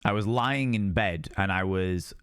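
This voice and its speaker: A man's voice: deep voice, a little slow, a bit bright, clean tone, no room sound, clean studio sound. A man chatting casually with viewers on a game stream, rambling and repeating himself.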